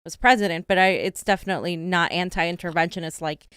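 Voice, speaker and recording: A woman's voice: fairly low pitch, fairly even intonation, quick pace, a bit bright, smooth, no room sound, studio quality. A woman co-hosting a casual political chat, giving blunt, exasperated commentary. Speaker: co-host.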